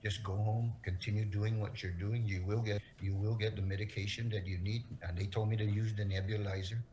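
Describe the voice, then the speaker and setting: Earnest, halting middle-aged man. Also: fairly low pitch, level tone, warm tone, a little hiss or hum, poor audio. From Guam. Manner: earnest, halting, repeats words. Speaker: interview guest. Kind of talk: emotional interview testimony.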